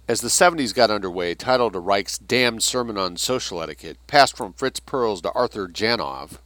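A man's voice: lowish voice, expressive, normal speed, fairly bright tone, no echo. A man reading passages from a book aloud and adding his own asides. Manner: reads passages then adds asides.

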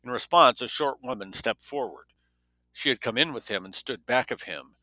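A man's voice: medium pitch, animated, moderate pace, pushed and bright, dry recording, low-quality recording. A man reading a novel aloud who breaks off now and then for wry spoken comments. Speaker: story reader.

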